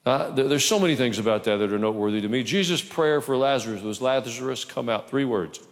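A man's voice: medium pitch, expressive, fast talker. A male pastor preaching a sermon in church, conversational with humorous asides. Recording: reverberant church hall.

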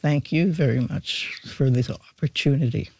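Man, radio guest, gravelly, husky, mellow tone, slow and thoughtful. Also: mid-range voice, expressive, dry recording. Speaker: interview guest.

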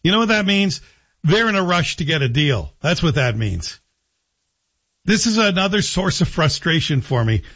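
A man's voice: a little high, big pitch swings, moderate pace, fairly bright tone, breathy edge, highs cut off. A man hosting a talk radio show, giving sardonic, opinionated commentary. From Scotland.

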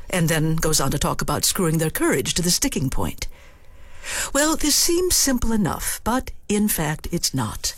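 A woman's voice: on the low side, dry recording. A theater actor, a woman, giving a thoughtful, wry scripted radio essay from a studio. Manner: thoughtful, wry, trying out many line readings.

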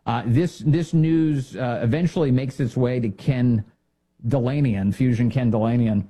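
A man delivers sarcastic political commentary, mocking and animated. His voice is mellow and dark, with a husky edge. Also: mid-range voice, a little slow. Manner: mocking, animated, mimics others in silly voices. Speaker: commentary show host.

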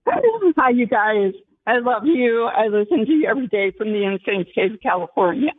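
A woman's voice: on the high side, big pitch swings, normal speed, breathy edge, no room sound. A woman calling in to a radio show, bubbly and giggly as she tells her story. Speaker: caller. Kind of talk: call-in radio. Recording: tinny phone line.

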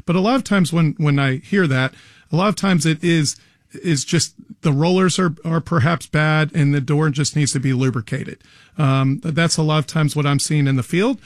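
A man's voice: fairly high pitch, normal speed, no room sound, studio quality. A man appearing as an expert guest on a radio show, explaining earnestly with frequent restarts. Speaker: garage door company guest expert. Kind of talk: radio interview answers.

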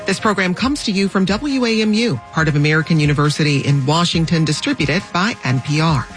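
A woman radio host wrapping up a program in a brisk, polished announcing manner. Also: low-pitched, faint music behind.

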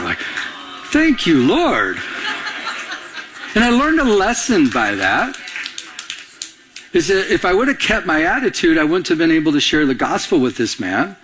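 A man's voice: mid-range voice, big pitch swings, moderate pace, fairly bright tone, a little hiss or hum. A middle-aged man preaching a sermon, telling a personal story and acting out both sides of the conversations. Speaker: pastor.

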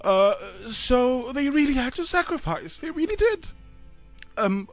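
A man in his thirties with a South African accent, co-hosting a breakfast radio show, speaking haltingly with sighs, choked up and close to tears. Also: very high-pitched, sing-song, soft background music. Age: 30s. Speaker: radio co-host. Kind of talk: emotional radio chat.

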